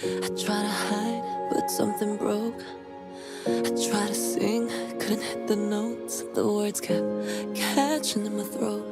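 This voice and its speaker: A woman singing as a young pop idol, breathy and close to tears, over loud music. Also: mid-range voice, steady tone, slow. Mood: aching. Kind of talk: pop song vocal.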